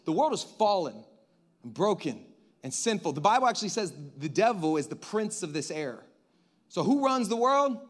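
A man with a high-pitched voice preaches a sermon in a loose, conversational way. He speaks straight to the congregation, poses questions and adds joking asides. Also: sing-song, normal speed.

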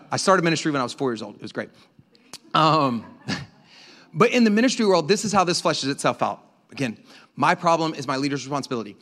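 A male pastor preaching a sermon in an energetic, conversational way, calling out to the congregation. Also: high-pitched. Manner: energetic, conversational preaching with crowd call-outs. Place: church auditorium. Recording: preached in a reverberant hall.

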